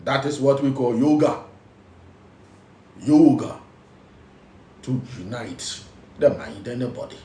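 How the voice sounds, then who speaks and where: A man's voice: mid-range voice, normal speed, mellow, reverberant, far from the mic. A man with a Ghanaian accent, speaking as a spiritual teacher, emphatic and repetitive, switching between English and local phrases. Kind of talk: preaching talk.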